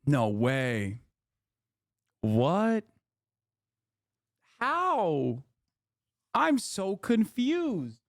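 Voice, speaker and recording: A man's voice: sits high, wildly swooping pitch, extremely slow, long pauses, no echo, studio quality. A man streaming from his living room, giving profane, exasperated political commentary. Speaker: Twitch streamer.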